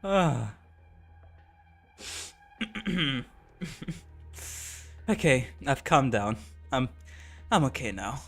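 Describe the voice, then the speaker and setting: A man's voice: medium pitch, big pitch swings, very slow, vocal fry, pauses often, fairly bright tone, breathy edge, soft background music. A man streaming a game, chatting casually with his viewers in slangy talk and laughing easily. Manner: giggly, slangy, talks to chat.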